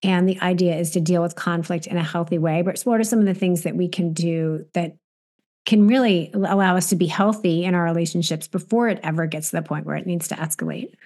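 Low-pitched woman host, affirming. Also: fairly quick, a little mellow. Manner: affirming, frequent agreement. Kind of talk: interview.

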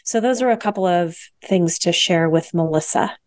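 A woman's voice: on the low side, moderate pace, a little mellow, dry recording, studio quality. A woman co-hosting a health radio show, talking frankly and emphatically and repeating phrases for stress. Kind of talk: candid health talk.

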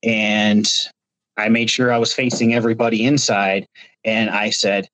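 A man's voice: fairly low pitch, level tone, normal speed, a bit bright, dry recording. A man from Ohio, a reality show contestant, telling stories in a casual interview over a video call while gesturing with his hands. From Ohio, United States.

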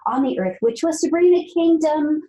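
Earnest woman with a mellow voice. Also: high-pitched, lively intonation, moderate pace, highs cut off. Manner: earnest, emphatic, repeats phrases. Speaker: guest author. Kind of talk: conversational storytelling.

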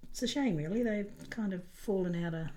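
A woman's voice: medium pitch, a little fast, dark tone, a little hiss or hum. An older woman, chatting and plainly explaining slang words with light amusement. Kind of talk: casual chat explaining slang.

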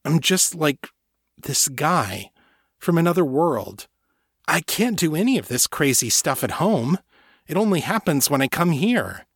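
A man's voice: on the high side, very animated, measured pace, a bit bright, breathy edge, no room sound, clean studio sound, pitched above the performer's own voice, exaggerated voice. A man reading an awkward, apologetic young man with sudden magic powers. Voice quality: stammering, apologetic.

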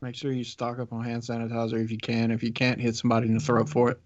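A man's voice: mid-range voice, completely flat delivery, a little mellow. Rambling male co-host, lo-fi sound. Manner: rambling, halting with fillers. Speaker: podcast co-host. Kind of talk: casual chat.

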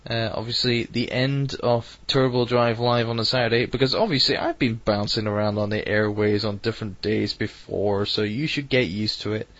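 A man's voice: lowish voice, steady tone, normal speed, hardly any pauses, fairly bright tone, no room sound, highs cut off. A man hosting an online radio show, rambling and self-deprecating, hesitant as he signs off. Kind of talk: casual online radio chat.

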